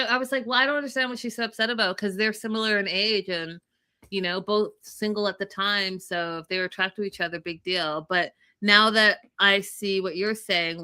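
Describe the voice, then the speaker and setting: Co-host, woman, bright clear tone, gossipy animated recapper. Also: on the low side. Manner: animated retelling of gossip with quoted voices. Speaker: podcast co-host. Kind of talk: casual reality TV recap.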